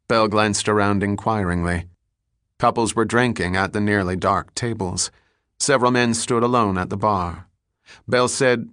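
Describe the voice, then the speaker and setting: A male audiobook narrator reading in a measured, even way. His voice sits low and is recorded close, with a dry, unechoing sound. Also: no room sound. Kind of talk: scripted narration.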